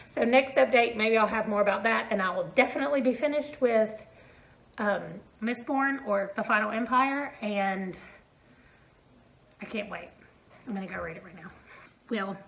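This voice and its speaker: A woman's voice: fairly high pitch, moderate pace, creaky, pauses often, fairly bright tone, low-quality recording. Chatty woman vlogging about books. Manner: chatty and rambling, with fillers and laughs. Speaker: book vlogger. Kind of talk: casual reading vlog chat. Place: room at home.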